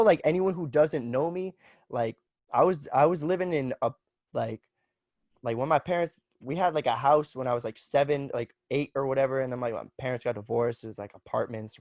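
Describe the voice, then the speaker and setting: A young man in his twenties rambles through a story as a podcast guest, casual and profane, dropping "like" and "bro" constantly. His voice sits at an ordinary middle pitch. The recording is dry, with no room echo. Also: a little mellow. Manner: loose and profane, heavy on "like" and "bro". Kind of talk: casual chat.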